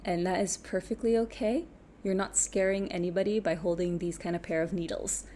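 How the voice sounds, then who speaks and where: A woman's voice: mid-range voice, steady tone, fairly quick, dark tone, a little hiss or hum. A young woman with an international-school accent, casually chatting as host of a knitting reaction video. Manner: chatty, laughs easily, thinks aloud.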